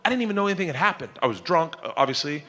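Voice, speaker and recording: A middle-aged man doing stand-up comedy, telling loud, animated stories on a live stage as the audience laughs. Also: on the high side, very fast. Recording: live venue with loud crowd noise.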